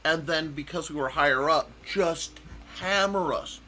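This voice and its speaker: A man's voice: a little high, a little slow, bright, forceful tone, slight background noise. A man from the American Midwest telling rambling, chatty anecdotes in a casual panel conversation.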